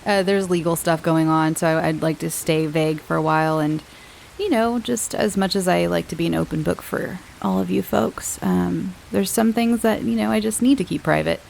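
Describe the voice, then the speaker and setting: Woman podcaster, low gravelly voice, rambling casual chat, faint hiss behind. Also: normal speed, a little mellow, rough recording. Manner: chatty, rambling, laughs often. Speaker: podcast host.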